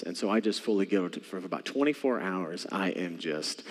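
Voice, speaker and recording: In a church sanctuary, a male pastor preaches to his congregation, telling an animated story and speaking right to them. His voice is on the low side with a darkish tone, and he talks fairly quickly. The hall's long reverb colors the audio.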